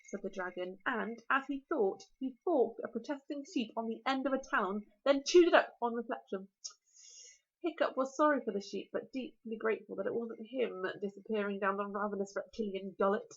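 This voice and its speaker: A woman teacher with a British accent reading a children's novel aloud, with expressive, animated storytelling. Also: a little high, brisk. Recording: lo-fi recording.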